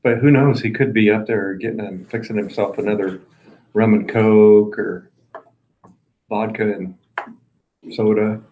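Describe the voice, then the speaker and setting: A man's voice: fairly low pitch, fairly even intonation, measured pace, long pauses, mellow, poor audio. Man, easygoing, curious, hosting a meetup, faint background noise. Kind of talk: casual meeting chat.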